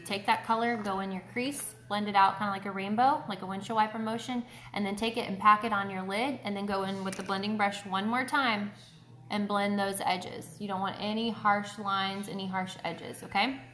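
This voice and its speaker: A woman's voice: mid-range voice, fairly bright tone, slight background noise. Chatty woman with a roomy echo. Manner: chatty, greets viewers by name. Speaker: beauty host. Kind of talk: casual live makeup tutorial.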